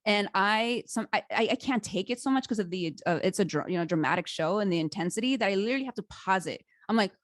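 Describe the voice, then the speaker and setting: A woman hosting a podcast interview in a casual, chatty way, enthusiastic and animated, laughing easily. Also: mid-range voice, fast, few pauses, no room sound, studio quality. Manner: self-described dramatic storyteller. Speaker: podcast host.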